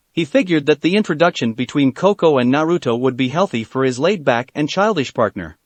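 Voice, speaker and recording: A man narrating a fan fiction story in a steady storytelling manner. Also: on the high side, no room sound.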